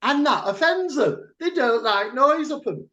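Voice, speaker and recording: A man from Manchester with a thick Mancunian accent tells a story in a loud, blunt way. His pitch swings widely from low to high as he talks. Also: lively intonation, unhurried, muffled recording. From Manchester, England. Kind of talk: casual chat.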